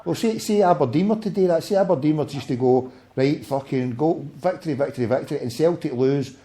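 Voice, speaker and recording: A Scottish man running a football phone-in, swearing constantly and ranting between questions. His voice is dark and mellow and sits slightly high for a man. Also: a little fast. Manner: sweary, ranting, jokey with callers. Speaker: radio phone-in host. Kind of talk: casual sports phone-in.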